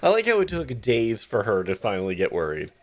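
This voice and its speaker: A man casually commenting on a video game as he plays, chatty and quick to swear. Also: on the low side, huge pitch swings. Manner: chatty, swearing, laughing asides. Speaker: let's play streamer.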